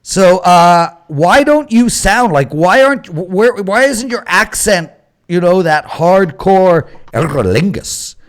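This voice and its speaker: Canadian guy hosting a betting show, cracks jokes, kinda high voice. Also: takes it slowly. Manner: joking, teasing, animated. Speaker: host. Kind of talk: sports betting talk show.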